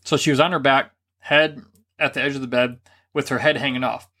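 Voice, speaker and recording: A man's voice: mid-range voice, fairly quick. A man co-hosting a podcast, casually telling a racy story with laughs and acted-out quotes. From grew up Catholic. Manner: animated, laughing, acts out quotes. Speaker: podcast co-host.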